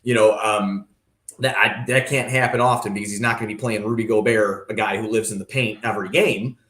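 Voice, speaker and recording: A male sports writer talking as a guest on a sports talk show, animated and opinionated, with many fillers. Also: on the low side, a little fast, roomy sound. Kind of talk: sports talk radio discussion.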